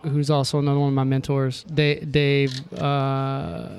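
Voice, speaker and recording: A man's voice: medium pitch, monotone, measured pace, vocal fry, darkish tone. A man who teaches drums, talking casually as a guest and often stopping and repeating words as he explains. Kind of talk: casual chat. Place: music store at a drummers' event.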